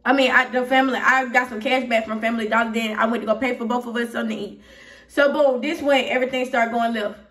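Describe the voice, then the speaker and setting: A young Atlanta woman with a high voice runs through a story in a loose, rambling way, checking in with her listeners again and again. She sounds a little distant from the mic. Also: fairly even intonation, quick pace, a bit bright. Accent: Southern US, Atlanta. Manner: rambling and candid, frequent "you feel me", growing heated. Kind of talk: casual storytime vlog.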